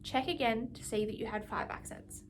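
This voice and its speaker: A woman's voice: a little high, fairly even intonation, normal speed, noisy background. A woman music teacher giving an instrumental lesson, patiently explaining and counting beats aloud.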